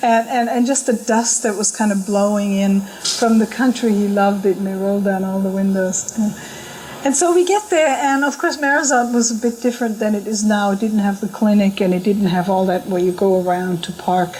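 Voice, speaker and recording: A middle-aged woman telling a personal story in a casual, lively way, laughing often and acting out what others said. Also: medium pitch, slight background noise, poor audio. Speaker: storyteller recalling a spiritual journey. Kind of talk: casual spoken memoir. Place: talk at a spiritual center.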